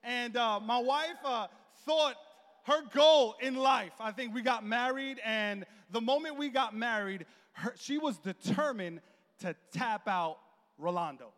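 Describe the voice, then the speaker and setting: A man in his thirties preaching in a church, telling a comic story with animated, jokey delivery and acted-out quotes. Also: very high voice, unhurried. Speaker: pastor. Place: church hall. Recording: long reverb in a large hall.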